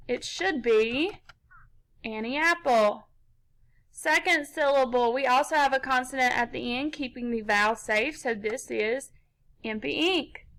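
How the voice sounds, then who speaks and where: A woman leads a children's phonics lesson in a high voice. She talks at an unhurried pace and sounds bright and clear. She explains each step with patience. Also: low-quality recording. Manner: slow, patient, step-by-step instruction. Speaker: teacher.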